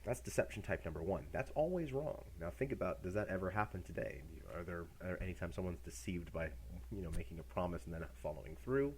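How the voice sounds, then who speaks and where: A man's voice: low-pitched, fast, a little mellow, a little hiss or hum. A middle-aged man giving a university lecture in a casual, jokey way, acting out examples as he goes.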